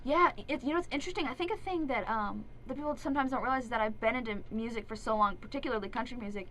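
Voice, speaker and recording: A woman's voice: on the high side, rapid-fire, a bit bright, a little hiss or hum, rough recording. A young woman, an actress and singer, chatting earnestly and giggling as a guest in a radio studio interview. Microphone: studio microphone.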